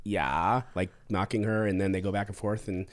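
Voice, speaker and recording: A man's voice: on the low side, little pitch movement, fast talker. A man hosting a podcast, asking joking, probing questions in a casual interview chat. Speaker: podcast host.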